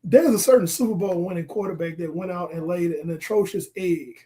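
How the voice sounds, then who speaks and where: A man with a high, bright voice chats about football on a podcast. He is animated and playful, and he acts out scenes as he makes his point. His delivery is casual and joking. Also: brisk. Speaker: podcast co-host. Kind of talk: casual sports chat.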